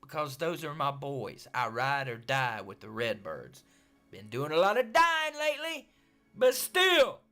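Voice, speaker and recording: A middle-aged man ranting in a put-on gruff tough-guy voice, profane, boastful and loud, trash-talking a rival fan in a video. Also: a little high, very animated, a little slow, faint music behind. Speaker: sports fan vlogger.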